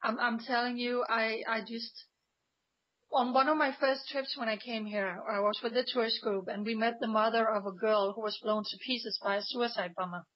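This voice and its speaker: A woman from Denmark speaks in a fairly high voice, earnest and emphatic, often restarting her sentences. The audio is dull and lo-fi, like a radio call-in line. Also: fairly even intonation, normal speed. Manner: passionate, emphatic, many restarts. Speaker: guest, pro-Israel activist.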